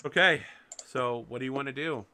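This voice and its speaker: A man's voice: mid-range voice, bright, forceful tone. A man narrating playfully as game master of a tabletop game. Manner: playful, quick narration with laughs.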